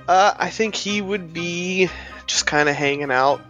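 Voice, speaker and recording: A man playing a tabletop game chats casually in a laid-back way, using lots of fillers and swearing easily. His voice is high-pitched and fairly bright, and he speaks unhurriedly over soft background music.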